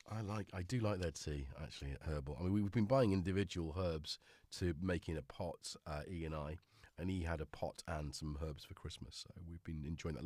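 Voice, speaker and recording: A man's voice: sits low, a little mellow, no room sound. A middle-aged man with a cold, hosting a livestream in a rambling, jokey, self-mocking chat. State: congested with a cold. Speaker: livestream host.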